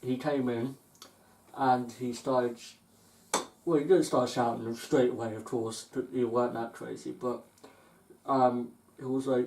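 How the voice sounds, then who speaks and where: A man's voice: mid-range voice, fairly even intonation, unhurried, darkish tone. A man co-hosting a casual podcast chat and telling stories from his workplace. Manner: storytelling, acts out angry customers in anecdotes. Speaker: podcast co-host. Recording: echoey room.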